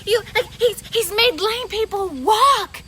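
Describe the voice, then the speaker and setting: Woman doing a breathless, excited kid. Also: very high-pitched, slow pace, slight background noise, voice pushed up, full character voice. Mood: amazed. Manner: breathless, urgent pleading. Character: excited persistent young village kid.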